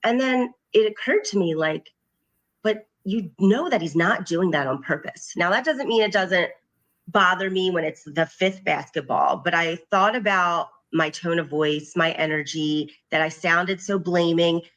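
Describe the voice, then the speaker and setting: A woman's voice: fairly low pitch, a little slow, fairly bright tone. A middle-aged woman, a parent coach, talking earnestly and reflectively in a podcast interview, often quoting what she says to her children. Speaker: guest, parent coach and occupational therapist.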